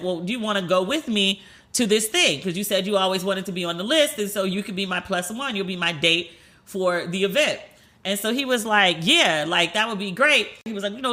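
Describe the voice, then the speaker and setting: A woman hosting a solo podcast, telling stories in a chatty, animated way and acting out the people she quotes. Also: mid-range voice, fast. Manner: chatty, animated, swears, acts out quoted dialogue. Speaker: podcast host.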